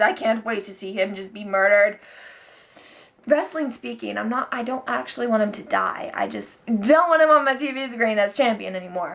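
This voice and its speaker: A young woman casually recapping wrestling, chatty and profane, often acting out the wrestlers in quick bits. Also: on the high side, fairly bright tone.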